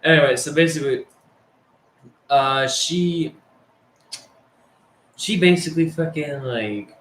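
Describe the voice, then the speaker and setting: Taking it slowly, a young man with a fairly high, a bit bright voice tells a casual story about his school days. There's a little hiss or hum and the room is echoey, and his delivery rambles with swearing and frequent fillers.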